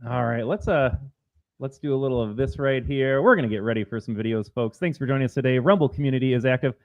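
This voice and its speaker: A man's voice: mid-range voice, fast talker, darkish tone. A man co-hosting a political talk stream, blunt and opinionated, ranting at length to his audience. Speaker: podcast co-host. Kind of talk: political talk show banter.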